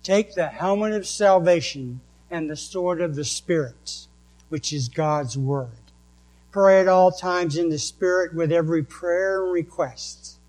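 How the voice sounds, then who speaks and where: A man with a New England accent delivers a sermon, reading out verse after verse at an unhurried, deliberate pace. His voice sits a little high for a man. A faint electrical hum runs under the recording. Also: darkish tone, rough recording. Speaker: pastor.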